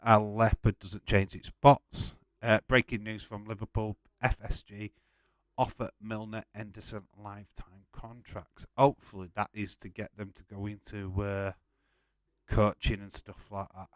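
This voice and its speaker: A man's voice: on the low side, flat delivery, a little slow, no room sound. A man hosting a casual live watch-along stream, chatting loosely with frequent swearing and rambling restarts. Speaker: livestream host.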